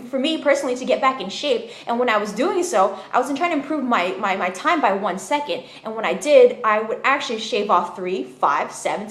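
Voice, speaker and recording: A woman's voice: on the high side, fairly bright tone. A woman telling a personal story in a casual, emphatic way, full of "you know what I mean". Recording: roomy echo.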